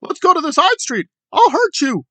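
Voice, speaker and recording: A man putting on a mocking impression of a shrill, outraged male protester who rants and makes threats. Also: big pitch swings, moderate pace, a bit bright, no room sound, heavily acted. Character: indignant shouting man, mocked protester.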